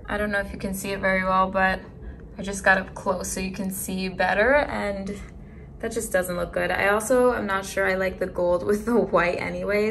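A woman's voice: mid-range voice, gravelly, fairly bright tone, slight background noise. A young woman vlogging casually to camera about her apartment, chatty and upbeat, a little congested. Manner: chatty, upbeat, addresses viewers as "you guys". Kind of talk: casual vlog chat to camera. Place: apartment indoors.

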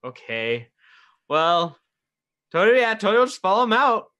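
A player in a tabletop game session, talking in an excitable way. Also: medium pitch. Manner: animated, excitable, quick to laugh.

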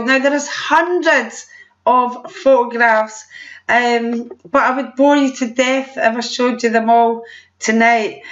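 Showing holiday pictures to a sales meeting, a middle-aged woman from Scotland keeps things chatty, laughing and apologizing as she goes. Her pitch sits fairly high with a somewhat bright quality, and the audio is dull and lo-fi.

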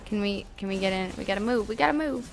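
A woman's voice: mid-range voice, fast talker, vocal fry, noisy background. A woman streamer casually chatting with her viewers while playing a game, blunt and talkative, now and then swearing. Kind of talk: casual live-stream chat while gaming.

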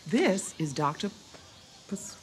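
An eager, singsong grown-up. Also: female voice, lowish voice, big pitch swings, takes it slowly, slight background noise. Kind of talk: film dialogue. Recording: film clip played in studio.

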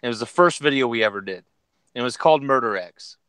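Male co-host, casual storyteller, animated character voices, dead-dry close recording. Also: fast, clear, resonant tone, dry recording. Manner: animated, jumps into high voices for quoted characters. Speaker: podcast co-host.

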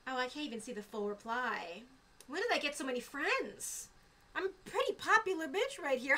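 A young woman streaming a game live, excitable and gushing with delight at her viewers. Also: high-pitched, normal speed.

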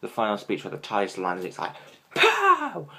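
A man giving a casual fan review of a TV episode, excitable and gushing, with many ums. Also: sits low, fast talker, gravelly.

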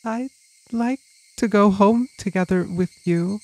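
A woman voicing a timid, frightened teenage girl who stammers and pleads softly. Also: medium pitch, measured pace, poor audio.

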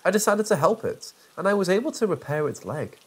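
A nasal, self-satisfied villain, as a man puts him on for a spooky story reading, talking in a lively sing-song with a husky edge. He monologues about himself with pompous relish, smug and theatrical. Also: high voice, brisk, voice pushed up, exaggerated voice.

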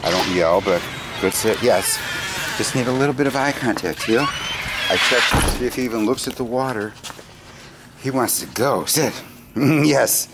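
A man's voice: medium pitch, unhurried, noisy background. A man working as a dog trainer outdoors, giving short firm commands and lifting into sing-song praise while he explains the training. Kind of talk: dog training demonstration with commentary. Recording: outdoor recording with clear background ambience.

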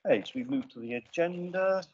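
Male committee chair, brisk procedural delivery on a desk mic in a council chamber, dull lo-fi stream. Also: on the high side, animated, darkish tone, husky. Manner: brisk, businesslike with dry asides. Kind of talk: formal meeting procedure. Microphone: desk microphone.

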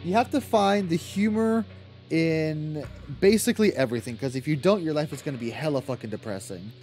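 A man's voice: a little high, a little fast, a little mellow, soft background music. A man streaming a video game from home, chatting casually with viewers, reading and answering chat, swearing freely and laughing often.

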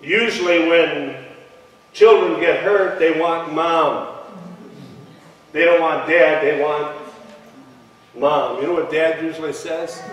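Speaking slowly and pausing often, this pastor has a fairly high, mostly even-toned voice. He reads scripture during his sermon and invites the congregation to answer back, captured from far off in a reverberant church hall.

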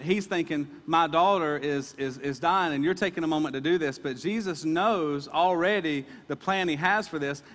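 A man's voice: fairly high pitch, fairly bright tone, in a large hall. A male pastor preaching a sermon in an earnest, emphatic way, often repeating his words.

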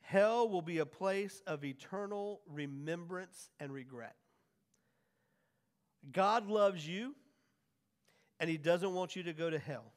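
A man preaching a sermon as pastor, swinging from hushed lines to loud, drawn-out emphasis. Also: high-pitched, animated. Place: church sanctuary. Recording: long church hall reverb.

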